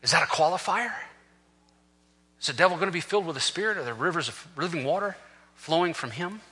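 A man preaching an impassioned sermon, swinging from hushed talk to shouting, in a large echoing hall. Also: on the high side, expressive, quick pace, husky. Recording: long reverb of a large hall.

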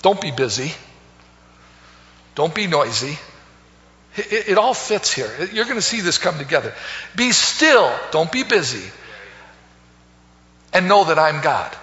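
A man preaching a sermon, swinging between soaring loud calls and hushed low phrases and repeating words. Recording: echoey hall, dull lo-fi sound.

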